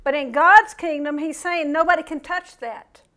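A woman preaching an informal sermon, talking to her congregation in a relaxed, conversational way with playful asides. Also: sits high, moderate pace. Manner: conversational, animated, playful asides and mimicked voices.

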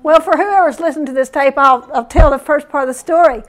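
A woman preacher giving a sermon, telling stories in an animated way and chuckling often. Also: high-pitched, fairly quick.

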